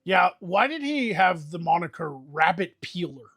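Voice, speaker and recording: A man hosting a livestream fantasy role-play, delivering a rambling, mock-solemn eulogy with animated comic timing. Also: high voice, a little slow, slightly rough. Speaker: host leading an improvised fantasy guild meeting.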